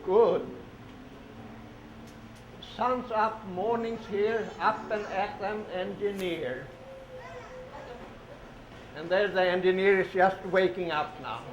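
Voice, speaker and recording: A man with a high voice reads train picture books to small children, slow and sing-song, echoing each word and coaxing them to join in. The recording is roomy and echoey, with a dull lo-fi sound. Steady hiss runs underneath. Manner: sing-song, repeats words, prompts kids to say sounds along. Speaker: storybook reader for children.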